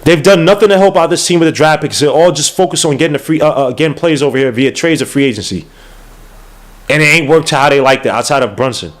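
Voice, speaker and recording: A man's voice: fairly high pitch, fast talker. A young man hosting a casual livestream podcast, ranting in a heated, exasperated way with slang, repeats and restarts. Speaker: podcast host.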